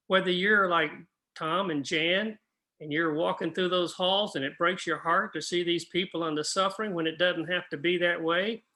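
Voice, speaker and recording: Bright-voiced older man teaching Bible class. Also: sits high. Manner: earnest, practical, asks the class questions.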